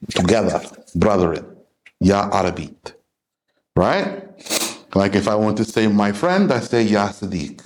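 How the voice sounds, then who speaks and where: Confrontational male preacher, slow delivery. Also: fairly low pitch, a little mellow. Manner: emphatic, confrontational, lecturing. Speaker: religious class teacher. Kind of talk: preaching lecture to a class.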